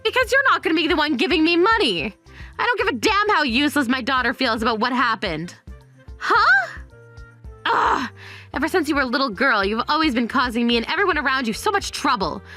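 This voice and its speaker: Woman playing a harsh, high-voiced, money-grubbing mother for a story drama. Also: sing-song, fast, pushed and bright, faint music behind, exaggerated voice. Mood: berating. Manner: harsh, berating. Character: greedy, scornful middle-aged mother.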